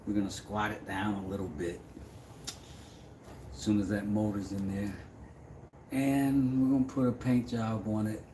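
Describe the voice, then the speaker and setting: A man's voice: fairly low pitch, fairly even intonation, a little slow, pauses often, reverberant, noisy background. A man, chatting casually with viewers on a livestream, reading their comments aloud and often trailing off into mumbles. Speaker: livestream host making mallets.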